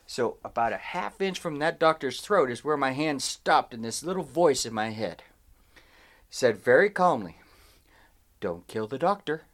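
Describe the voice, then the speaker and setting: Speaking at normal speed with a medium pitch, a man on a podcast tells a friend a long personal story in casual chat. The anecdote is animated and wandering, and he repeatedly interrupts himself and restarts sentences.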